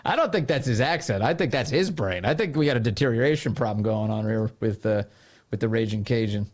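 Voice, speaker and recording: A man's voice: medium pitch, expressive, fairly quick. A man hosting a political talk podcast, speaking in a sarcastic, mocking way. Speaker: podcast and radio host. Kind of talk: political commentary.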